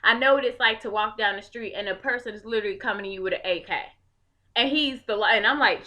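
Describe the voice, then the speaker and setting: A woman's voice: a little high, lively intonation, a little fast, bright, forceful tone. A young woman from Chicago giving an impassioned, blunt political rant to the camera and swearing freely. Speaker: video blogger.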